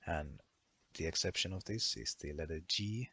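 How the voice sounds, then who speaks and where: A man with a bright, forceful edge to a very deep voice narrates a lesson. He works methodically through the rules, giving one example after another. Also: moderate pace, husky. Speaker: language explainer. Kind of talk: explanatory voice-over lesson.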